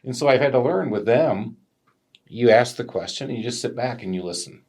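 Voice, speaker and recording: A man co-hosting a casual business podcast, an animated storyteller who acts out customers' voices. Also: medium pitch, moderate pace. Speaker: podcast co-host, business owner.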